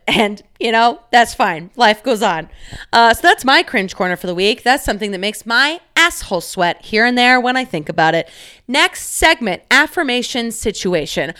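A woman's voice: mid-range voice, pushed and bright, smooth. A young woman hosting a solo podcast, chatting casually with lots of fillers, swearing and giggles as she tells a story. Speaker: podcast host.

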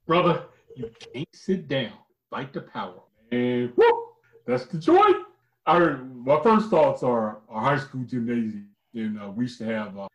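A man in his forties co-hosting a music podcast, telling lively slangy stories about songs. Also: mid-range voice. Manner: animated storytelling, slangy. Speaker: podcast co-host. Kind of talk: casual music chat. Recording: echoey room.

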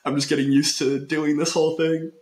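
A man's voice: a little high, level tone, brisk, a little mellow. A man hosting a casual podcast, upbeat and chatty, laughing often and running his sentences together. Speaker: podcast host.

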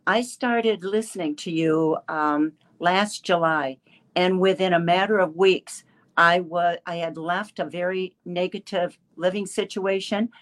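A woman in her seventies giving a halting personal testimony with many restarts, a little emotional. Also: lowish voice, steady tone. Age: 70s. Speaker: caller sharing a testimonial.

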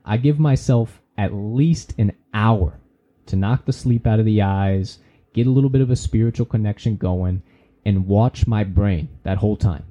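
Podcast host, male, very dark mellow low voice, folksy motivational talker; dull lo-fi sound. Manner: folksy, preachy, swears casually. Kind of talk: casual motivational talk.

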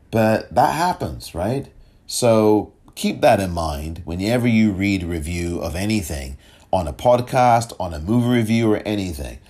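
A man's voice: sits low, a little mellow, slightly rough. A man hosting his own podcast, talking alone with emphatic rhetorical questions and now and then tripping over his words. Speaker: podcast host. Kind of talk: solo podcast commentary.

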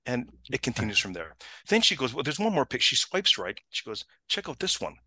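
Animated fast-talking man telling a story. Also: husky, no echo. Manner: animated, acts out quotes with big pitch jumps, frequent restarts. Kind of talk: casual storytelling.

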